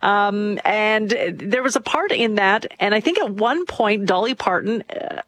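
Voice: mid-range voice, lively intonation, measured pace, fairly bright tone, no room sound. A talk show co-host chatting in an opinionated, digressive way with frequent fillers. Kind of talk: conversational talk show chat.

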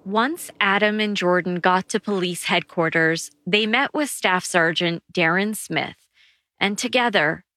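A woman giving calm, scripted narration for a news documentary. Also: mid-range voice, unhurried, no echo.

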